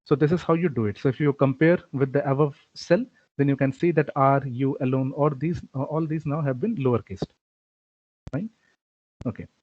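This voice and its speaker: A man's voice: mid-range voice, moderate pace, a little mellow, no room sound. A man giving a recorded programming lecture, explaining step by step with frequent "okay" and "uh" fillers. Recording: dull, lo-fi dry recording.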